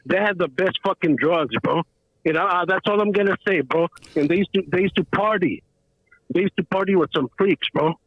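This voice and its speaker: This show caller has a high-pitched voice and a brisk delivery, recorded dry over a tinny phone line. He's telling a loose, slangy story in a rambling way, saying "bro" again and again.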